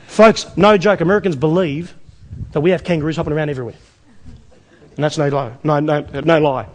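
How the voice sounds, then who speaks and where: A man with an Australian accent presents an investment seminar to a live audience, talking at a rapid clip. He keeps firing rhetorical questions at the room with salesman-like energy, and his voice sits noticeably high.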